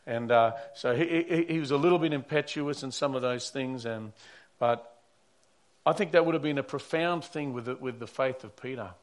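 A man's voice: mid-range voice, normal speed. A man who is a pastor preaching a sermon, telling stories earnestly and often repeating or restarting his words.

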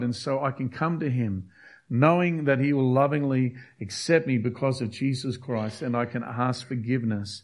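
A man's voice: mid-range voice, steady tone, moderate pace, darkish tone. A man preaching a sermon, earnest and emphatic, often restarting his phrases. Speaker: pastor.

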